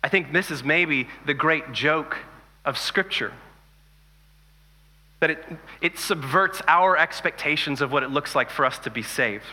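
Bright-voiced male preacher in a reverberant hall. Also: on the high side, a little slow, pauses often. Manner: conversational, animated storytelling with jokes. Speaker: pastor. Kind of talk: sermon.

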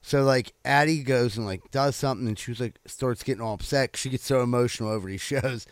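A man's voice: medium pitch, a little fast, clean tone, no room sound, studio quality. A man co-hosting a podcast, telling a story in casual banter, his voice jumping up when indignant. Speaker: podcast co-host.

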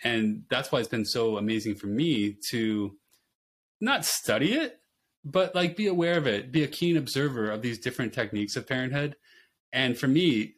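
Guy on a podcast, nurse and dad, mid pitch, animated, laughs a lot while telling stories. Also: slightly rough. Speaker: guest, nurse and father. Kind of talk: casual conversational interview.

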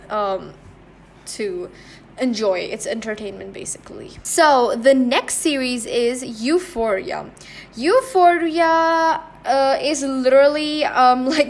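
A woman's voice: a little high, a little hiss or hum. A young woman hosting her own podcast, chatting casually with lots of fillers and restarts. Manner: rambling, many fillers and restarts. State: slightly out of breath. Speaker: podcast host. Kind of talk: casual chat.

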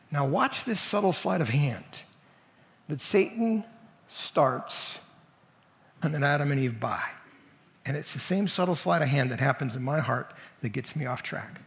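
A man's voice: on the high side, in a large hall. A man preaching a sermon as senior pastor, talking to the congregation in a conversational and emphatic way. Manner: conversational, emphatic, leans into quoted voices.

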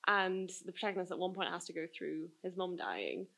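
A woman's voice: on the low side, very animated, a little fast, gravelly, sharp tone. A woman who grew up in the countryside, chatting about a film in a casual group discussion, her speech full of "like" fillers.

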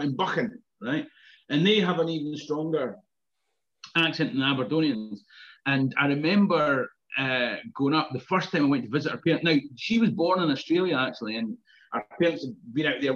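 A man's voice: on the high side, a little fast, fairly bright tone, lo-fi sound. A Scottish man, around his fifties, telling chatty anecdotes in casual conversation, laughing and swearing now and then. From Scotland. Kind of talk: casual chat.

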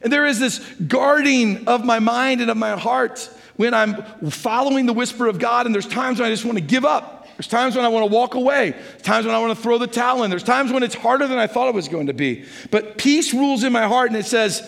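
High-voiced preaching man in a reverberant church. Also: fairly quick, creaky, a bit bright. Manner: conversational storytelling, sliding into prayer. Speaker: pastor. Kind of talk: sermon. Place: large church sanctuary.

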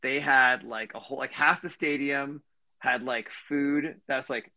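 A man's voice: mid-range voice, fairly even intonation, a little slow, no room sound, lo-fi sound. Podcast co-host, man, 30s, mid-range voice; loose rambling delivery full of fillers, dry recording. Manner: rambling, many fillers and restarts. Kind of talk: casual storytelling chat.

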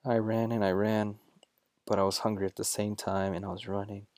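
A young man with a fairly low voice hosts his own show and tells a personal story casually. He jokes, gets animated, and often stops to correct himself. The sound is dry and close, with no room echo. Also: fairly quick. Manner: jokey and animated, with self-corrections. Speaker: show host.

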